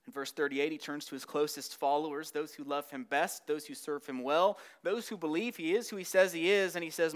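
Male pastor with a raised pitch, earnest sermon delivery, repeats key words, swings between intensity and near hush. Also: a little fast, few pauses, clear, resonant tone. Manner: earnest, builds up then drops to a hush.

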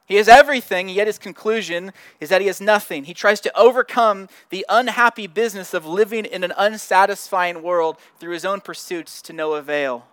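A man's voice: sits high, a little fast, hardly any pauses, fairly bright tone, no room sound. A man, a pastor, preaching a sermon in an earnest, conversational way, often repeating words as he restarts his sentences.

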